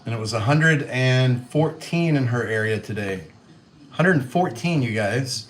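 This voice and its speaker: A man with a light Western Kentucky accent chats in a soft, easygoing voice on a cooking livestream. His pitch sits in an ordinary middle range, and he talks to viewers and answers their comments one by one. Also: lively intonation, a little slow. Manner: chatty, reads out viewer comments, soft-spoken. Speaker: livestream host. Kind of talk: casual livestream chat while cooking.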